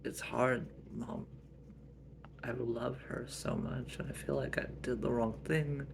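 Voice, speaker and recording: Brief: amateur male storyteller, slow and earnest, slight fry. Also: mid-range voice, steady tone, background noise. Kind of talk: casual family role-play storytelling.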